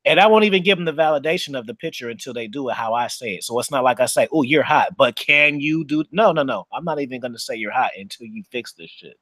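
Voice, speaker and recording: A man's voice: medium pitch, lively intonation, fast talker, few pauses, fairly bright tone, dry recording. A man co-hosting a casual, uncensored chat, talking in a boastful, profane, slick storytelling way. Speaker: podcast co-host.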